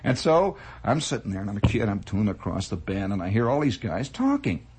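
Man, storyteller, husky, animated, rambling, chuckles to himself. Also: on the low side, a little fast. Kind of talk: spoken monologue storytelling.

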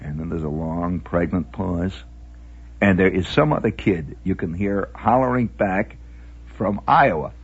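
Husky Midwestern storyteller, lo-fi recording. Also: male voice, deep voice, measured pace. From American Midwest, Indiana. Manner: folksy, meandering, mock-grand asides. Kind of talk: rambling monologue storytelling.

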